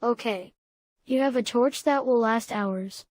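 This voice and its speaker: Steady, coaxing boy voiced by a woman reader; a little high, dry close storybook sound. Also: unhurried, no echo. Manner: calm, coaxing, repetitive questions. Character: calm, questioning boy Sam.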